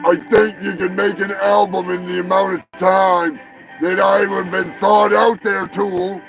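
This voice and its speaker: Crude, slow-talking comedy host. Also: male voice, high voice, level tone, gravelly. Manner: crude, sarcastic and profane. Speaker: show host. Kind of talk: comedic news rant. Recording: music playing underneath.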